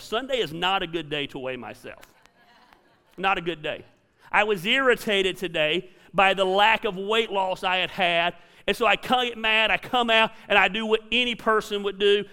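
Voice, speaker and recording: A man's voice: high-pitched, bright, forceful tone, clear, resonant tone. A middle-aged man preaching a sermon as a pastor, conversational and emphatic, with punchy repeated lines. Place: church auditorium. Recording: reverberant hall.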